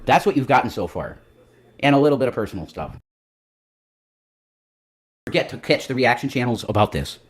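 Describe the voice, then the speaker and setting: A man's voice: mid-range voice, sing-song, fairly quick, long pauses, breathy edge. A man hosting a livestream, rambling casually with lots of profanity and self-mockery. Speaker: livestream host.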